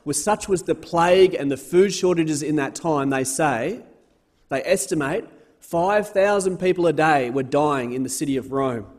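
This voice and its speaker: Earnest man preaching, slightly high voice. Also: a little mellow. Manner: earnest, repeats words for emphasis; reads scripture aloud with rising force. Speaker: speaker giving a Bible talk. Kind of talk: sermon.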